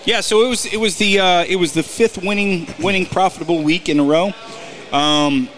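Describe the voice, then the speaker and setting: A man co-hosting a casual golf talk show, explaining betting picks and tour events in a halting way with many restarts. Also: high-pitched, fairly even intonation, fairly bright tone. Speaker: golf podcast co-host and picks analyst. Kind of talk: casual sports chat.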